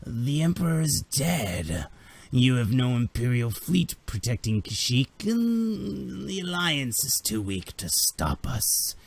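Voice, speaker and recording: A man's voice: medium pitch, sing-song, slow pace, gravelly, breathy edge, exaggerated voice. A man voicing a gloating male reptilian invader in a tabletop game, taunting and mocking.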